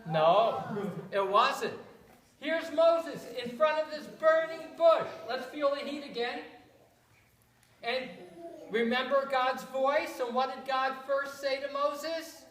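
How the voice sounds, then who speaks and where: Woman rabbi, storytelling for kids, draws them in with questions, slow pace, roomy sound. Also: high voice, recorded from a distance. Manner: interactive, asks children to repeat words. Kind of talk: storytelling to children. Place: synagogue room. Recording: echoey room.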